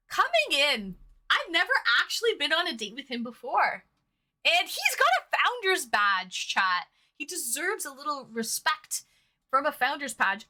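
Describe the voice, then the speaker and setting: A woman's voice: on the high side, bright, forceful tone. A woman hosting a live stream, chatting playfully and teasing her chat. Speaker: streamer hosting online dates.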